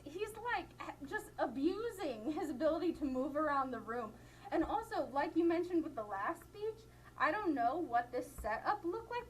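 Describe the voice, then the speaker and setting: A woman's voice: high-pitched, a little hiss or hum, low-quality recording. A young woman teaching a college class in a classroom, chatty and laughing often, with many "like" fillers. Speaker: college instructor. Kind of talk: classroom lecture.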